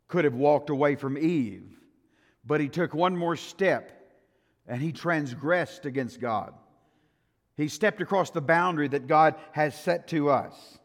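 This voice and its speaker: An older man preaching a sermon in a folksy style, acting out quotes and swinging between loud and soft. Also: fairly high pitch. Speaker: pastor. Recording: long reverb of a church hall.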